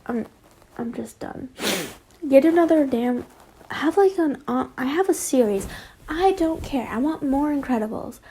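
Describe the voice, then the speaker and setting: A woman's voice: high-pitched, animated, measured pace, warm tone, slight background noise, poor audio. A young woman reading fanfiction aloud, wandering into rambling, self-deprecating asides and apologies. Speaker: fanfiction reader.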